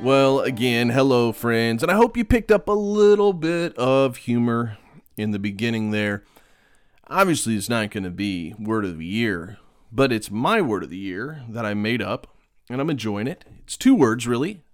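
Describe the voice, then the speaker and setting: A man hosting his Bible podcast, talking in a relaxed, rambling way with many ums and self-deprecating asides. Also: medium pitch, moderate pace, smooth, no room sound, clean studio sound. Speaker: podcast host and pastor. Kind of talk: casual devotional podcast talk.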